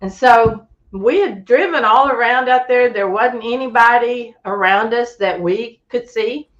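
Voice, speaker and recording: A woman guest telling a camping story in a casual, animated way, acting out other people's voices and chuckling as she goes. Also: a little high, unhurried, muffled recording. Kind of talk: casual storytelling on a call-in show.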